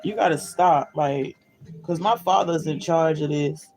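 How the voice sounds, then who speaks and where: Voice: mid-range voice, measured pace, darkish tone, soft background music, rough recording. Blunt, profane spiritual pep talker. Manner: blunt, profane and emphatic, often asks "you feel me?". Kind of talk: casual spiritual pep talk.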